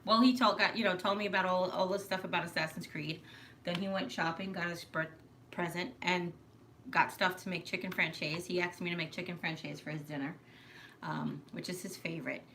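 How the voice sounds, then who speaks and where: A woman's voice: fairly low pitch, fairly even intonation, a little fast, fairly bright tone, a little hiss or hum. A middle-aged woman from New York hosting a casual live stream, chatty and rambling, laughing often. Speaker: live stream host, mother.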